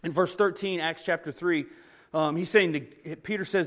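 A middle-aged pastor, telling a funny family story in a folksy, animated sermon and laughing as he goes. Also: a little high, normal speed.

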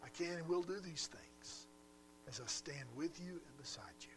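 A man voicing a gentle, reassuring Jesus in a soft, hushed, sometimes whispered way, with a faint mains hum behind. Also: fairly high pitch, normal speed, natural voice. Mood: tender.

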